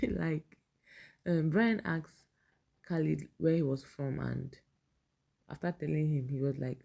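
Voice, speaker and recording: A young Nigerian woman talks through reality-show gossip in a relaxed, mellow voice that sits low and gravelly. She chats casually, laughs a lot and drops into pidgin now and then. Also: takes it slowly, long pauses. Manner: chatty, laughs often, mixes in pidgin. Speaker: vlogger. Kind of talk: casual commentary reading fan posts.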